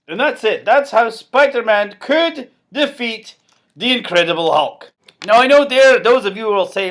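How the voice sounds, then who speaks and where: Male comic vlogger, high bright voice, playful rambling delivery, echoey room. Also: lively intonation, moderate pace. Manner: rambling, playful, acts out scenes. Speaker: comedy vlogger. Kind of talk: comic monologue to camera.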